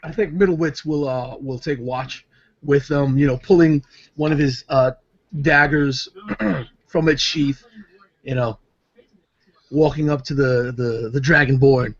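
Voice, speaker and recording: A man's voice: mid-range voice, fairly even intonation, unhurried, highs cut off. A man playing a tabletop game, describing his character's actions with many fillers. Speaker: player. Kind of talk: casual tabletop play.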